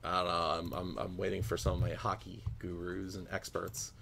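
A man's voice: deep voice, level tone, normal speed, vocal fry, fairly bright tone, a little hiss or hum. A man hosting a card-opening stream, chatting upbeat and speaking directly to his viewers. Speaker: host of a card break stream. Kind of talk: casual live commentary.

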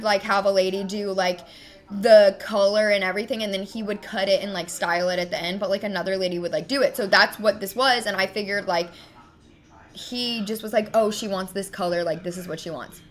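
A woman's voice: mid-range voice, fairly even intonation, a little fast. Rambling, hurt young woman venting to her stream. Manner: rambling and venting, with many fillers and swearing; hurt and frustrated while telling a story. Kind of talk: casual chat.

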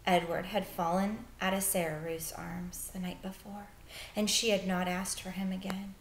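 A woman teacher reading a children's book aloud, with expressive storytelling that turns soft and hushed in the sad parts. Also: medium pitch, moderate pace, echoey room, slight background noise.

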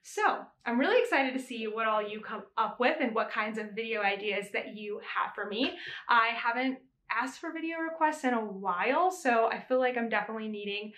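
A young adult woman hosts a knitting podcast, chatting casually and occasionally laughing as she corrects herself. Her voice is on the high side and a bit bright, expressive and moderately paced, with a roomy sound.

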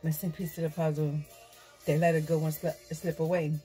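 A woman's voice: low voice, flat delivery, fairly quick, dark tone, faint music behind. A tired woman giving a casual tarot reading, loose and laughing, swearing and slipping into whispers. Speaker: tarot reader.

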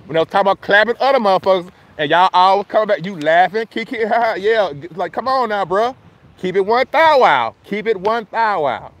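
A high-pitched man in holds forth on a casual phone livestream outdoors. He is loose, profane and argumentative, calling out viewers by name and repeating his points. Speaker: livestream host.

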